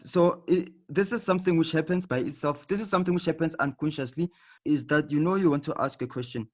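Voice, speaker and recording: A man with a voice on the high side talks fast while teaching a live lesson over video call. He explains patiently, repeats himself and regularly checks in with "okay", all in dull, lo-fi online sound.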